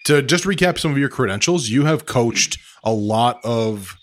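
A man hosting a podcast in casual chat, relaxed and talkative. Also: mid-range voice, moderate pace. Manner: relaxed, chatty with fillers. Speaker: podcast host.

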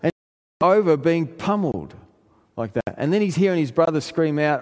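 A man preaching a sermon, telling a family story in an earnest way and rising in pitch when he presses a point. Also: animated, moderate pace. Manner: earnest storytelling, pitch climbing in emphatic passages. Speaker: pastor. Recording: long hall reverb.

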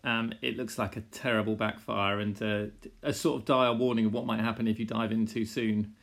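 A man co-hosting a casual chat, speaking in a measured way with frequent pauses and restarts. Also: lowish voice, level tone, gravelly. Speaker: podcast co-host.

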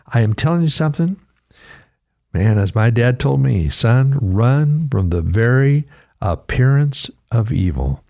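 A man preaching a radio sermon, earnest and conversational, his pitch rising sharply when he voices a quoted cry. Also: gravelly, a little mellow. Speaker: radio pastor.

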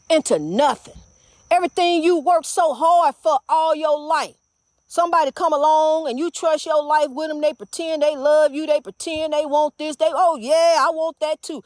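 A woman's voice: high voice, no echo, studio quality. An older woman minister preaching fervently, repeating herself and calling her listeners honey. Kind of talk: inspirational preaching monologue.

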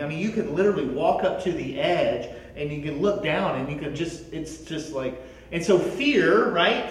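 A man preaches a sermon in a lively, animated way, doubling words as he launches each thought. His slightly high voice carries across a very echoey room from some distance off the mic. A faint hiss sits underneath. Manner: animated, repeats words when starting sentences. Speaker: pastor.

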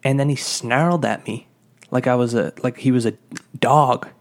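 A young man rambles through an exasperated, swear-filled story in a casual monologue. His mid-pitched voice has a gravelly rasp and drops into vocal fry at the ends of phrases. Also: normal speed. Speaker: former fast-food worker telling a story.

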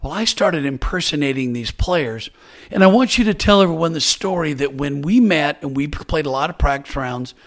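An older man from the United States hosts a relaxed podcast chat. His voice sits a touch high for a man, and he tells stories with energy, putting on little voices for the people he quotes. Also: moderate pace. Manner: animated storyteller who acts out quoted voices. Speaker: podcast host. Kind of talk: casual storytelling chat.

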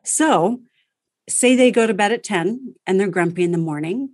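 Woman, parenting coach, direct and practical, mid-pitched. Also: moderate pace, dry recording, clean studio sound. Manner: direct, practical, lively delivery. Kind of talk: coaching conversation.

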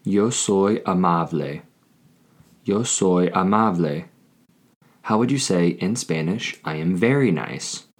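A man hosting a scripted Spanish lesson, speaking deliberately and repeating each phrase for learners. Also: low voice. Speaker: Spanish teacher.

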